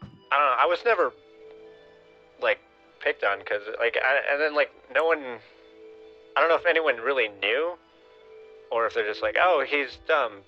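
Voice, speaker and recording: A man co-hosting a podcast in casual chat, halting and hesitant as he talks. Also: medium pitch, animated, soft background music. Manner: halting, hesitant, many fillers. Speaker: podcast co-host. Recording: dull lo-fi sound.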